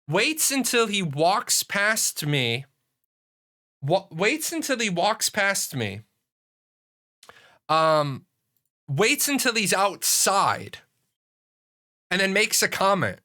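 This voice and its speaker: A middle-aged man telling a story on a livestream in a casual, profane and animated way, with frequent restarts. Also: high-pitched, slow, pauses often. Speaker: streamer.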